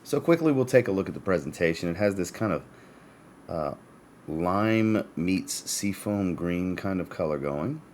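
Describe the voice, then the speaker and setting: A man's voice: sits low, lively intonation, measured pace, darkish tone, slight background noise. A man with the hiccups giving a chatty, casual fragrance review and talking to his viewers as guys. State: has the hiccups.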